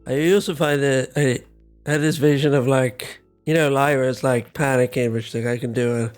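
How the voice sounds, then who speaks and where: A man's voice: mid-range voice, fairly even intonation, normal speed, clean tone, faint music behind. A male podcast co-host in casual comedic chat, making dry, wry remarks and laughing often.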